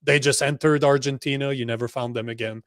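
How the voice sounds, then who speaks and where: A man co-hosting a casual political podcast, excitable and swearing often, laughing easily. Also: medium pitch, a little fast, dry recording, studio quality. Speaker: co-host.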